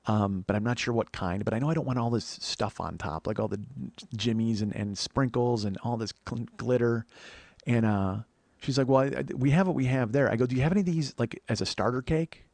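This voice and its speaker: A man's voice: mid-range voice, a little fast, no room sound. A man telling a long comic story on a podcast, swearing freely and acting out both sides of a conversation. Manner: profane, animated storytelling, breaks into laughter.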